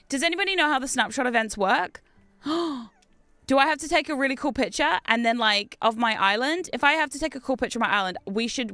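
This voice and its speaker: An Australian woman streaming a game, chatting casually with viewers in an excitable, talkative way and laughing often. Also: fairly high pitch, no room sound. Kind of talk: casual gameplay chat with viewers.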